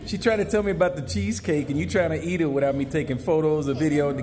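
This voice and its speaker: A food vlogger films a casual restaurant vlog, joking with and teasing his dinner partner in playful banter. His voice runs on the high side and he talks fast with few pauses, in an echoey room with music playing.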